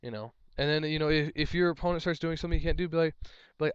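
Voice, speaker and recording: Young adult male, judge type, loose exasperated rambler; slightly high, smooth voice, dry close sound. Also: rapid-fire, no echo, muffled recording. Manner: rambling, exasperated, repeats himself. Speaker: tournament judge. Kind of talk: casual advice vlog.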